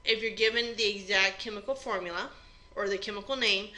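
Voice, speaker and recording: This chemistry instructor's voice is medium-pitched, steady, a little fast, and sharp, though the recording quality is low. In a recorded exam review lecture, she works through the material step by step, plainly and conversationally.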